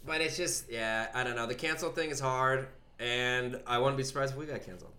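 A young man co-hosting a loose, casual podcast. He talks quickly and bluntly, swears freely and talks over his partner. His voice sits at an ordinary pitch for a man. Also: steady tone, pushed and bright, reverberant. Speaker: podcast co-host. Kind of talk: casual debate chat.

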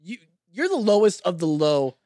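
A man's voice: high-pitched, sing-song, moderate pace, mellow, no room sound, clean studio sound. A man hosting a crude casual podcast, joking, swearing and stumbling while reading aloud. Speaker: host.

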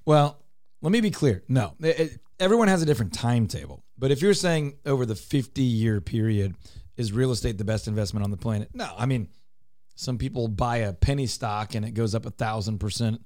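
A man's voice: medium pitch, lively intonation, normal speed, a little mellow, dry recording. Emphatic male radio host, dry studio sound. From Texas. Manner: emphatic, explanatory, repeats points. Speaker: radio show host, real estate broker. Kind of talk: talk radio banter.

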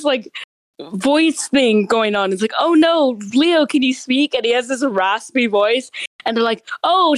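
A woman's voice: fairly high pitch, no echo, rough recording. A young woman co-hosting a podcast in casual chat, rambling with lots of filler words and the odd swear. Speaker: podcast co-host.

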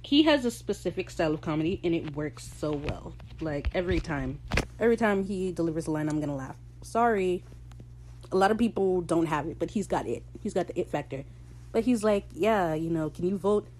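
Woman, casual episode recap, chatty, joking, swearing, slangy, lowish warm voice. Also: expressive, brisk, a little hiss or hum. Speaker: podcast host recapping a TV episode.

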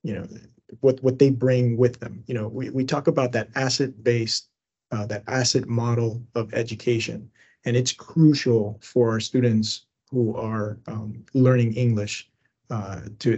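Man, middle-aged, from Cuba, educator, podcast guest, earnest, emphatic, husky voice. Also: mid-range voice, dull audio. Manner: earnest, grows emphatic and animated when making a point. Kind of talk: conversational podcast interview.

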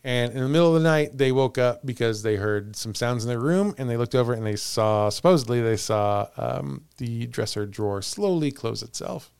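A man's voice: medium pitch, lively intonation, normal speed, vocal fry, few pauses, a little mellow, smooth, no room sound. A man hosting a podcast, telling a ghost story in casual chat and laughing often. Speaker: podcast host.

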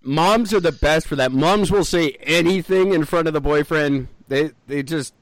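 Chatty guy with a high voice, laughs a lot, super dry close sound. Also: normal speed, dry recording. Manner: chatty, laughs often, self-deprecating. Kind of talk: casual chat.

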